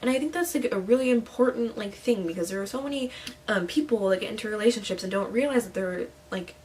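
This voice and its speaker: A woman's voice: medium pitch, quick pace, a little mellow, distant mic, a little hiss or hum, rough recording. A young woman talking casually about books on her channel, chatty and full of "like" and playful asides. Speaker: book vlogger. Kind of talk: casual book talk.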